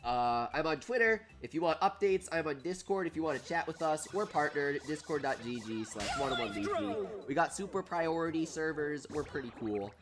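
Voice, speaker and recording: A man hosting a casual gaming livestream with a stuffed-up nose. He reads out chat names and yells excitedly at the game. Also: a little high, normal speed, few pauses, faint music behind.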